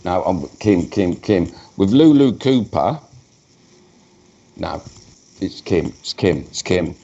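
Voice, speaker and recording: A man's voice: deep voice, very animated, slow, mellow, muffled recording. A man, working as a spiritualist medium at a live church service, talking in a chatty way and breaking off mid-sentence to address spirits. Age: 50s.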